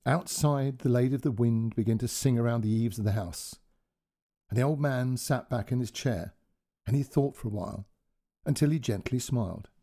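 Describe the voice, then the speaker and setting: A man narrating a gentle storybook tale in a soft, expressive way. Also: mid-range voice, normal speed, vocal fry.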